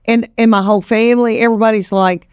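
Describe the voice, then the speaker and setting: A woman's voice: on the high side, steady tone, fast talker, darkish tone, clear, resonant tone. A woman in her fifties with a Southern East Tennessee accent, telling stories in a folksy, drawling interview manner and calling the listener honey. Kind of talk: casual interview storytelling.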